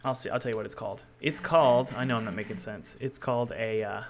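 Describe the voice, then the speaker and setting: A man's voice: mid-range voice, fairly even intonation, fast talker, music in the background. A man streaming his game development work, chatting loosely with viewers and thinking aloud as he codes, often correcting himself mid-sentence. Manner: rambling, loose and self-correcting; thinks aloud while working.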